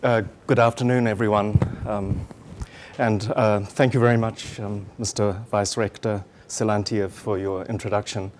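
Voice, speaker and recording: A middle-aged man with a New Zealand accent giving a formal lecture to students, measured and steady with frequent um fillers. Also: lowish voice, slight background noise. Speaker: guest lecturer.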